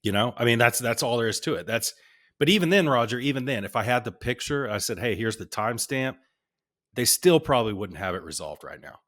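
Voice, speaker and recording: A man's voice: mid-range voice, animated, brisk, a bit bright. A man co-hosting a podcast, grumbling through a travel story in casual chat. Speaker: podcast co-host.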